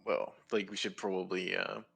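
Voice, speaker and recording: A man's voice: sits low, flat delivery, moderate pace, gravelly, a bit bright, slightly rough, soft background music. A man playing in a tabletop game, talking casually in rambling thoughts that trail off. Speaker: player.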